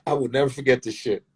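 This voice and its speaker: A middle-aged man, a stand-up comedian, telling stories in a profane, animated way, often restarting his sentences. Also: medium pitch, breathy edge. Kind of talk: casual storytelling.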